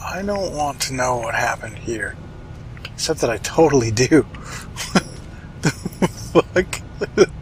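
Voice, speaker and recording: A let's play host casually comments on his own gameplay, wry and chatty, muttering to himself and swearing now and then. His mid-range voice has lively intonation and a moderate pace, over a rough recording with a little hiss or hum.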